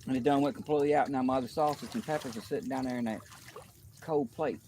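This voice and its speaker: A man's voice: mid-range voice, quick pace, slight background noise. Folksy man vlogging outdoors. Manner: relaxed, folksy, talks to viewers between bites. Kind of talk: casual outdoor vlog talk.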